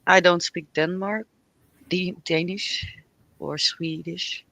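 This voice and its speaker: Woman, tarot co-host, casual rambling chat, unhurried, bright voice. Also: on the low side, fairly even intonation. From Spain. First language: Spanish. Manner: rambling, chatty, laughs often, trails off mid-sentence. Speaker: tarot reader, livestream co-host.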